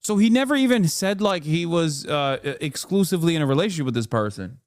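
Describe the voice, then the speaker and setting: Streamer, 30s, male, slightly high voice, dry close mic, heated and profane reaction commentary. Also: animated, fast talker, no room sound. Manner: exasperated, profane ranting with sudden pitch jumps. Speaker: political streamer.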